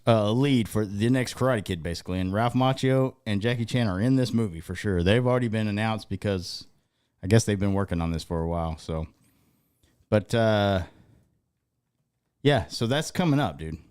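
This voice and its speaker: A man's voice: fairly low pitch, moderate pace, a little mellow, clear, resonant tone. A man co-hosting a casual podcast in a laid-back way, swearing and saying dude. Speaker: podcast co-host. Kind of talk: casual sports and pop-culture chat.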